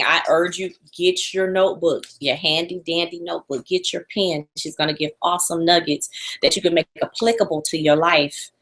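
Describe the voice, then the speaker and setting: Woman hosting a live webinar over a call, lowish voice, gushes and repeats herself, talks right to the viewers. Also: pushed and bright. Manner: gushing, repetitive, talks straight to the audience. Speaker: webinar host. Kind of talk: enthusiastic live webinar introduction.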